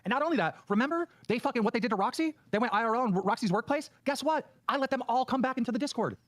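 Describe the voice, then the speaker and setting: Quick, aggrieved higher-voiced man. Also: animated, no room sound. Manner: aggrieved storytelling. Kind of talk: casual chat.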